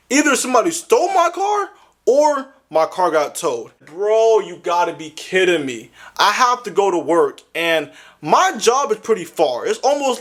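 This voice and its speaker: A man's voice: a little high, a bit bright. A young man telling a comedic story with lots of slang, sounding exasperated. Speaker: animated storyteller.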